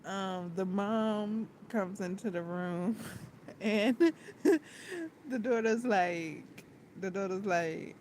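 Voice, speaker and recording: A woman's voice: mid-range voice, extremely slow, a little mellow, slight background noise. A woman vlogger chatting casually about a movie, giggling often and repeating her words.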